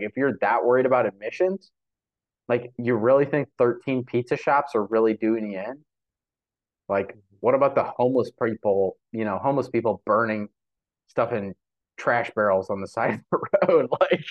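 A young man co-hosts a podcast in a loose, opinionated way. He riffs animatedly and leans on fillers as he talks. His voice sits in a middling pitch range. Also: lo-fi sound. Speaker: podcast co-host. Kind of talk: casual podcast commentary.

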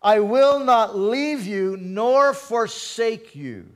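High-voiced preaching man. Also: drawn-out words. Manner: preaching with call-and-response and dramatic swings in volume. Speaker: pastor. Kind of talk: sermon.

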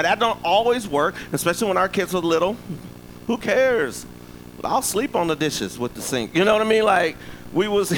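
Male pastor, slightly higher voice, easygoing sermon delivery, faint ambience behind. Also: creaky, fairly bright tone, a little hiss or hum, poor audio. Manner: conversational preaching with frequent "right?" asides.

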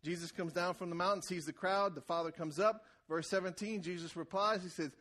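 A man preaching a sermon in a conversational way, repeating words as he starts phrases and rising to loud, shouted emphasis. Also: sits high, steady tone, a little fast, few pauses. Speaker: pastor.

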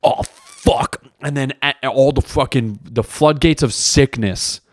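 A man's voice: mid-range voice, normal speed, no room sound, clean studio sound. A young man hosting a solo podcast, talking in a rambling, profane, self-mocking way. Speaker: podcast host. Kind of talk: casual solo podcast monologue.

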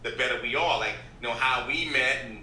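A man who works in radio speaks as a podcast guest in casual interview talk, earnest and motivational but rambling and restarting his sentences. His mid-range voice has a sharp tone, and he talks a little fast. The recording has a roomy echo and faint background noise.

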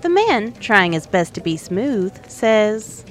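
Chatty woman narrator, lively pitch, faint music bed. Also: takes it slowly. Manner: playful, conversational. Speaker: storyteller. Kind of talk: narrating an adventure story.

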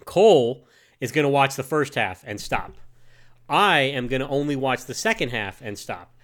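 A man's voice: medium pitch, lively intonation, moderate pace, fairly bright tone. A man co-hosting a podcast, talking casually and joking as he explains plans to listeners. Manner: joking, conversational. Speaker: podcast co-host.

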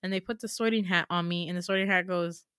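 A woman's voice: fairly low pitch, fast talker, clean tone, no room sound, studio quality. A young woman hosting a podcast, casually retelling a dream with lots of laughter and the odd swear word. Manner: animated, laughing, swearing freely. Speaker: podcast host. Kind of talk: casual storytelling.

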